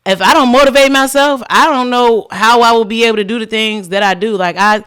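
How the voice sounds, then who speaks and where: A woman's voice: fairly high pitch, a little fast, clear, resonant tone. A woman guest on a casual podcast, telling her story with animation, acting out what people said and using lots of "like". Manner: animated, acts out quoted dialogue, frequent "like". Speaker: podcast guest, cleaning business owner.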